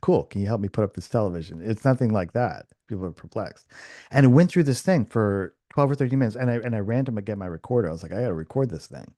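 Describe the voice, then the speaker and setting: A man's voice: on the low side, fast, dry recording. A man hosting a podcast, telling a story in casual chat, full of restarts and fillers and acting out the dialogue he quotes. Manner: animated, acts out quoted dialogue. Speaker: podcast host.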